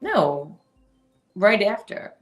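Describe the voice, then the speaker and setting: A woman's voice: mid-range voice, sing-song, extremely slow, faint music behind. A woman co-hosts a casual chat in a mid-range voice. She talks hesitantly, putting herself down and trailing off before finishing her thoughts. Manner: self-deprecating, hesitant, trailing off. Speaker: co-host.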